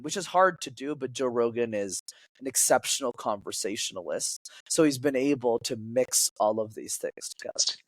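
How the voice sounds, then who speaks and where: A man's voice: medium pitch, moderate pace, no room sound. A man who coaches public speaking, talking as a podcast guest and acting out quoted lines in changing voices. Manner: animated, acts out quotes in shifting voices.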